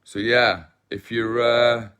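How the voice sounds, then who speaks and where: A man's voice: mid-range voice, level tone, slow pace, a bit bright, clean tone, highs cut off. An English man with an English accent chatting casually with viewers on a livestream, self-deprecating and rambling. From England. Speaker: livestream host.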